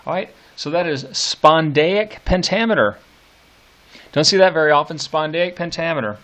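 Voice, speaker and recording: A middle-aged man teaching literature, reading poetry aloud slowly and annotating it, with hesitant fillers. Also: fairly high pitch, lively intonation, fairly bright tone. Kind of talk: lecture with poem reading.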